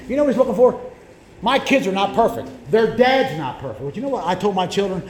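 A middle-aged male pastor preaching a sermon, telling stories and repeating words as he builds to shouted lines. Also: sits high, big pitch swings, a little fast, echoey room, a little hiss or hum. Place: church sanctuary.

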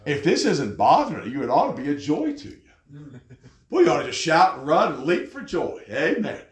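A man preaching a sermon with an animated delivery, often jumping high in pitch as he acts out angry people. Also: normal speed. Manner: animated, jumps to high pitch when mocking others. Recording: echoey room.

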